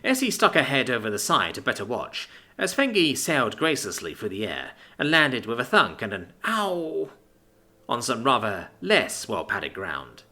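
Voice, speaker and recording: A man narrating a fantasy story, lively storytelling as he reads. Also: mid-range voice, moderate pace, few pauses.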